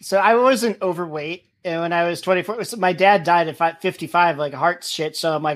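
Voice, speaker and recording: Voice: mid-range voice, fairly quick. A podcast co-host telling a rambling personal story with casual swearing and restarts. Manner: rambling, profane, self-interrupting.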